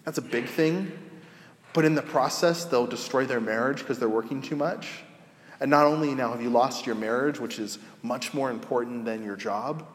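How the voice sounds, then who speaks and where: Conversational pastor in an echoey church. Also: male voice, medium pitch. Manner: conversational storytelling, acts out quoted voices. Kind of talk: sermon. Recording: roomy echo with long reverb.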